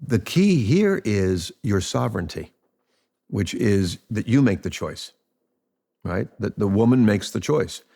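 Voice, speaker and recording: Man, author interviewer, gravelly low voice, measured, reflective. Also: very animated, mellow. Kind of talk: calm explanatory interview talk.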